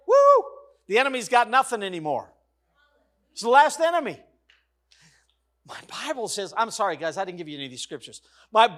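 A middle-aged man preaching a sermon as pastor, in an emphatic, repetitive cadence that swings from loud exclamations to hushed, soft passages. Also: very high-pitched.

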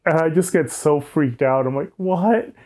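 A man's voice: a little high, normal speed, darkish tone. A young man telling a candid personal story, frank and often laughing, with many "like"s. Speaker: guest.

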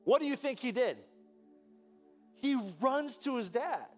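A man preaching a sermon as pastor, telling a story with lively, animated delivery and acting out voices. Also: extremely high pitch, unhurried, soft background music.

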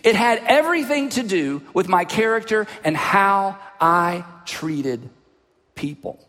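A man preaching a sermon as a pastor, telling a personal story in an animated way and dropping his voice low for asides. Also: takes it slowly. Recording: long hall reverb.

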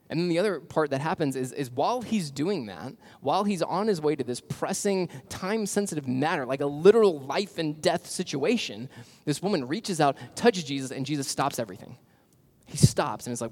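A pastor preaching a sermon in a casual, conversational way, with slang and fillers. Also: male voice, a little high, animated, fast talker, a little mellow.

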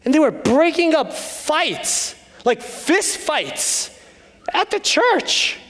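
Animated preacher in an echoing hall. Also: male voice, very high-pitched, slow, a little hiss or hum. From United States. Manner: storytelling, humorous, then earnest and hushed. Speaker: pastor. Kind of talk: sermon.

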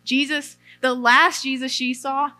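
A young woman gives a relaxed, conversational sermon, stepping from scripture reading into breezy paraphrase and side comments. Her voice sits a little high and rings bright and clear. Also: unhurried. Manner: chatty, aside-filled, reads scripture then paraphrases in everyday slang. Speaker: preacher. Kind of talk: casual sermon retelling scripture.

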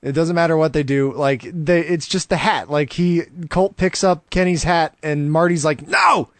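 Animated man recapping wrestling, higher voice. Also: moderate pace. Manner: animated, laughs often, acts out wrestlers' shouts. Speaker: podcast co-host. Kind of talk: casual wrestling recap chat.

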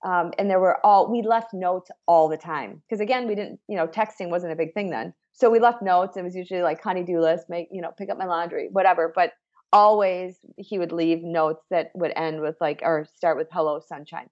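Middle-aged woman, lowish voice, heartfelt halting storytelling, slightly dull lo-fi sound. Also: fairly even intonation, a little mellow. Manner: emotional, halting retelling with self-corrections. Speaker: interviewee. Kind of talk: personal storytelling.

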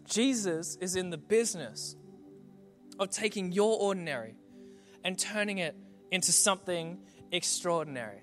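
High-voiced preacher. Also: male voice, expressive, normal speed, long pauses, a bit bright, soft background music. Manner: conversational, builds to rhetorical refrains. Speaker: pastor. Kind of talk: sermon.

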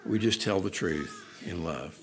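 A man's voice: sits low, unhurried. A man preaching a sermon in an earnest, conversational way, repeating phrases for emphasis. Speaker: pastor.

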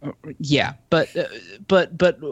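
A man's voice: a little high, fairly even intonation, takes it slowly, a bit bright, no echo, muffled recording. A man co-hosting a casual podcast chat, a bit tipsy, rambling and stammering through repeated words. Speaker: podcast co-host.

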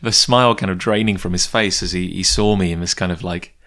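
Very deep-voiced man rambling. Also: fairly even intonation, a little fast, sharp tone. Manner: rambling, goes off on tangents. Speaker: comic book creator. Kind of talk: casual storytelling monologue.

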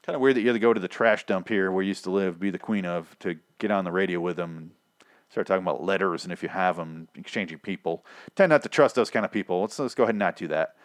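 A man's voice: deep voice, quick pace, no room sound, studio quality. Sarcastic rambling man recapping a show. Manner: rambling, sarcastic, acts out scenes. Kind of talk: casual profane episode recap.

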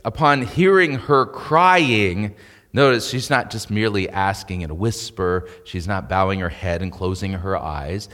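A man's voice: mid-range voice, a bit bright, in a large hall. A male pastor preaching a sermon in a conversational way, rising to emphatic peaks.

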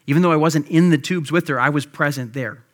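A man in his thirties, a pastor, preaching a sermon and telling a personal story in a relaxed, conversational way with frequent fillers. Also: a little high, a little fast.

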